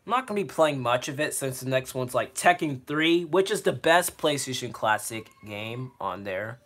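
A man's voice: medium pitch, moderate pace. A man streaming himself playing games, talking casually about what he picks next. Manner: animated, reads game dialogue aloud in silly voices. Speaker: gaming streamer. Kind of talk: casual gameplay commentary.

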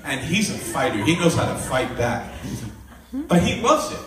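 A man preaching, telling family stories with lively, animated delivery and acting out the voices of his kids. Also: fairly high pitch, moderate pace, a crowd in the background. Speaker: minister. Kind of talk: sermon. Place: hall with live audience. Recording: echoey room from far off with faint ambience.

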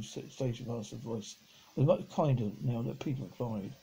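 Male storybook reader, gravelly and husky, lively delivery. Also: mid-range voice, fairly quick, rough recording. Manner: expressive, switches into character voices. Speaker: audiobook reader. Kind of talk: storybook read-aloud narration.

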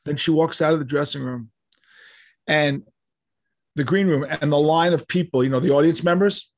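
An older man tells a story as an interview guest. He acts out each line of dialogue with lively energy, in a voice a touch higher than most men's. The sound is dry and close. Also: moderate pace, no room sound. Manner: animated, acts out quoted dialogue.

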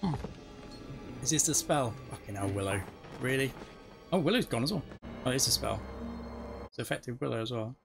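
Woman, very low voice, chatty reaction host. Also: lively intonation, moderate pace, vocal fry, pauses often, over music. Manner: chatty, exclaiming, laughs often. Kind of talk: casual commentary.

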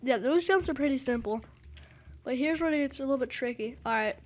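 A woman giving excitable, self-mocking commentary over her own gameplay and exclaiming at every failed jump. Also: sits high, a little fast. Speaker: gaming video host.

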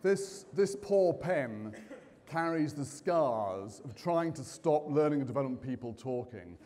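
In a large conference hall with reverberant sound, a man hosts a live conference in an unhurried, mid-range voice. He's lively, chatty and jokey, quizzing the audience with questions.

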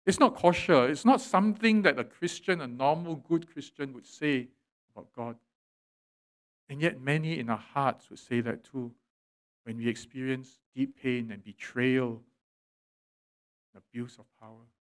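A male pastor, preaching a sermon in church, swelling loud and dropping quiet for emphasis. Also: mid-range voice, measured pace, long pauses. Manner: preaching with dramatic swells and drops in volume. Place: church sanctuary.

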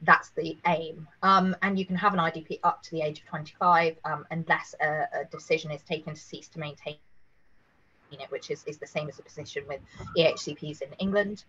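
Woman, hoarse after a cold, low voice, careful webinar presenter, muffled lo-fi sound. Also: fairly even intonation, brisk, bright, forceful tone. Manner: careful, explanatory, with many fillers. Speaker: legal presenter.

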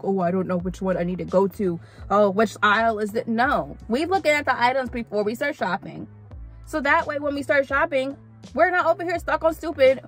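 Chatty woman vlogger calling viewers honey. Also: a little high. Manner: chatty, animated, calls viewers honey, repeats for emphasis. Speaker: vlogger giving gig-work tips. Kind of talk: casual tips vlog talking to camera.

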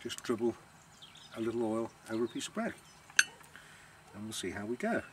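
A man's voice: on the low side, sing-song, normal speed, background noise. A man, the owner of a villa rental business, chatting casually on a vlog in a self-deprecating, savouring way.

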